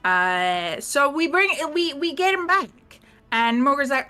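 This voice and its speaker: Expressive and high-pitched, with a bright, forceful tone, a woman recaps her last tabletop game session at a measured pace. She rambles casually, laughing and swearing as she voices the characters' lines.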